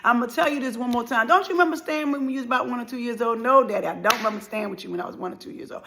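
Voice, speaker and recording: A woman's voice: on the high side, racing, fairly bright tone, a little hiss or hum, voice pushed up. A woman voicing her older father as he insists, over and over, that he never abandoned her. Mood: pleading. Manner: repetitive, pleading. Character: insistent older father pleading his case.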